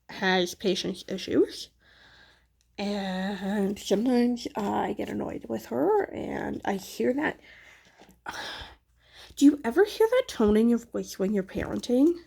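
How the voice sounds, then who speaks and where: A woman's voice: mid-range voice, creaky, a little mellow, husky. A woman crafting on her own channel, chatting casually in a rambling, candid and self-deprecating way. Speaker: craft vlogger and mother. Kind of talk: casual chat while crafting.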